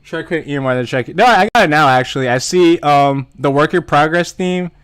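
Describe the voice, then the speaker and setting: A man's voice: a little high, a little fast, fairly bright tone, clean tone. A man streaming a game, reading out comments and reacting with casual, profane commentary and frequent laughter. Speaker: gaming streamer. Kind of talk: casual let's-play commentary. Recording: faint music behind the voice.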